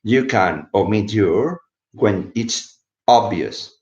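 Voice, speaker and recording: A bit sleepy yet animated, a male English teacher speaks slowly in a low, slightly mellow voice during a casual live video lesson, changing languages from English to explain words. The recording comes from an echoey room and sounds dull and lo-fi.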